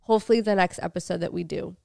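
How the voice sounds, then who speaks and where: A woman's voice: on the low side, very fast, vocal fry, a little mellow, no echo, clean studio sound. A woman co-hosting a podcast in casual, chatty talk, often giggling. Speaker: podcast co-host.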